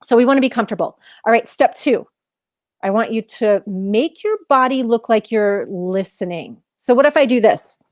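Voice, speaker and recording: A woman's voice: a little high, lively intonation, moderate pace, no echo. Woman teacher, mindfulness lesson for kids, encouraging, many questions, dry close sound. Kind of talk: live online lesson for children.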